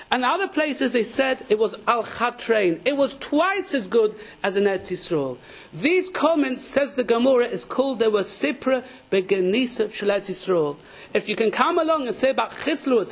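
A man with a high-pitched voice and gives a religious lecture. He tells his stories with dramatic energy and raises his voice sharply when quoting people. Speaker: rabbi teaching a Torah class.

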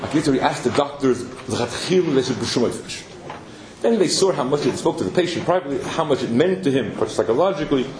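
A man telling a story as a sermon, animated, with many Yiddish and Hebrew terms in his English. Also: medium pitch, fast, roomy sound, crowd noise.

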